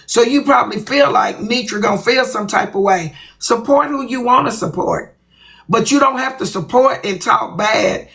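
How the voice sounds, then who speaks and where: A woman's voice: on the high side, moderate pace, creaky, fairly bright tone. A woman hosting a livestream, talking bluntly and profanely to her viewers in a confrontational rant. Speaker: livestream host.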